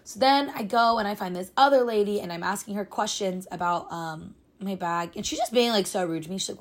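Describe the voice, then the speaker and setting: A woman's voice: mid-range voice, fast talker, few pauses. A woman in her twenties, a podcast host, telling a travel story in a chatty, dramatic way with lots of "like". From United States. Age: 20s. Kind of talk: casual storytime monologue.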